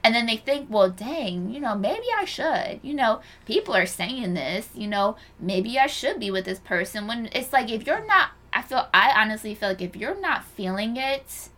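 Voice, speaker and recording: Bright, animated woman in her thirties. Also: moderate pace, hardly any pauses. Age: 30s. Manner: animated, acts out quoted voices with big pitch jumps. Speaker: podcast co-host. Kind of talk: casual chat.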